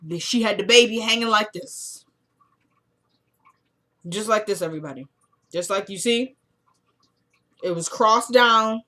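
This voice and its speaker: A woman giving a casual, animated recap of a TV episode as a reviewer, telling the story in colloquial speech and acting out the characters' lines. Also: mid-range voice, measured pace, pauses often.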